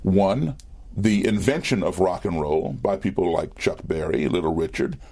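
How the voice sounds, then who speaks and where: A man, a musician interview guest, telling an anecdote in a relaxed conversational way, full of fillers and restarts, in a TV studio. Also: deep voice, moderate pace. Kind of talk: storytelling in conversation.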